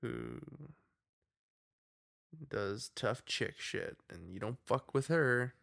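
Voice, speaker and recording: Man, podcast co-host, gravelly, dry close mic, rambling and jokey. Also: lowish voice, very animated, slow, fairly bright tone, dry recording. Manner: rambling, jokey, many fillers. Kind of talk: casual film review chat.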